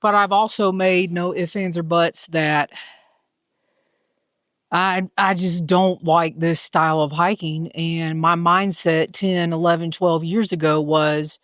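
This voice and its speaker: A woman's voice: fairly low pitch, steady tone, a little slow, no room sound, clean studio sound. A woman with a Southern US accent vlogging casually from a mountain summit, chatty and self-deprecating, filmed on a handheld phone. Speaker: hiker and vlogger. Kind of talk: casual trail vlog.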